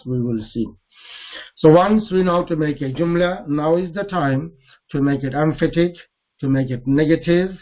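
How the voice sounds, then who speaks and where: A man teaching a grammar lesson, explaining patiently and repeating key points. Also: fairly high pitch. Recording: tinny phone-like audio.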